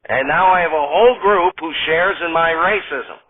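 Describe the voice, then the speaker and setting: A man doing a blunt deadpan bigot. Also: on the high side, moderate pace, narrow, tinny audio, natural voice.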